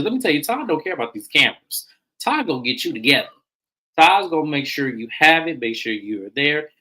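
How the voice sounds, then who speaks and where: Man, bright voice, casual recap host, chatty, colloquial. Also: a little high, very animated, a little fast, poor audio. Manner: chatty, greets viewers by name, colloquial. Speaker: reality show recap host. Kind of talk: casual live-stream recap chat.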